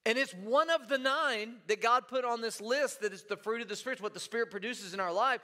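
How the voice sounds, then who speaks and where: A man's voice: extremely high pitch, brisk, sharp tone, in a large hall. A man preaching a sermon as pastor in a church, talking conversationally, repeating words and asking his listeners "right?".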